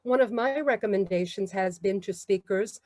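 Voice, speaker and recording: A woman with a New York accent giving a measured, encouraging talk on public speaking. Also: medium pitch, darkish tone, no room sound. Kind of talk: instructional talk.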